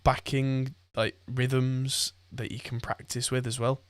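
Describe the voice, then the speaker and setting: A man's voice: mid-range voice, little pitch movement, slow pace, clean tone, dry recording. A man hosting a podcast, chatting casually and rambling with frequent laughs. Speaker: podcast host. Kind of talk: casual chat.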